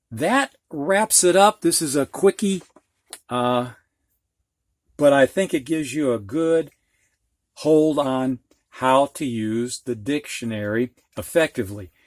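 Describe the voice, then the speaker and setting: Recorded at studio quality with no room sound, a middle-aged man's mid-range voice carries an instructional video reading lesson. He takes it step by step, spelling out letters with patience.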